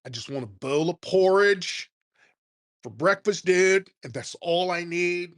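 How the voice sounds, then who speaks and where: A man's voice: sits high, expressive, unhurried, pitched above the performer's own voice. A man voicing a mocked, rambling male caller who keeps saying "dude". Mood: mocking. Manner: drawling, repeats "dude".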